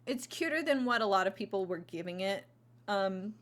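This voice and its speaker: A woman with a medium-pitched, lively voice talks at a normal speed into a close mic. She's casually reviewing movies on her vlog, rambling along with plenty of fillers and restarts.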